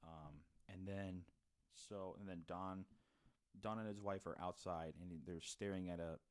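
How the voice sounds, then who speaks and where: A man's voice: low voice, fairly even intonation, a little slow, clean tone. A man co-hosting a podcast, casually recapping a film's plot with lots of fillers and restarts. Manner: rambling, many fillers and restarts. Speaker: podcast co-host. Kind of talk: casual movie review chat.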